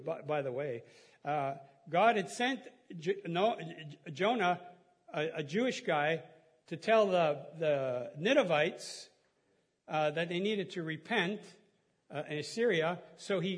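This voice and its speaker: A middle-aged pastor preaches in a relaxed, folksy way, chuckling as he goes. His voice sits high and has a husky edge. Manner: chatty, folksy, laughs at own stories, many restarts. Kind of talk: casual conversational sermon.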